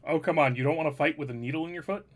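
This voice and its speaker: A man's voice: fairly high pitch, rapid-fire, a little hiss or hum. A man narrating as game master of a tabletop game, in a wry, teasing way.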